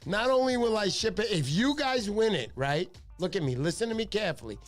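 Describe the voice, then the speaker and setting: A middle-aged man hosting a casual livestream, telling excitable stories and acting out the voices of the people in them. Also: high voice, fairly quick, faint music behind. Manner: excitable storyteller, acts out voices in his stories. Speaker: livestream host.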